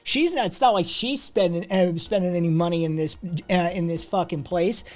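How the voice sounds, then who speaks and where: A man's voice: fairly high pitch, expressive, moderate pace, darkish tone. A man voicing a rude, entitled man who lectures a woman at a bar and rants indignantly when told off. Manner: condescending, ranting, indignant.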